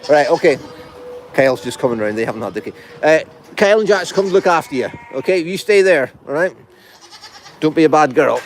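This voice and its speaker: A man's voice: a little high, expressive, fairly quick, slight background noise. A man hosting a casual farm video, chatting and cooing affectionately at his goats in an animal pen, filmed on a phone. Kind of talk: casual talk to animals and viewers.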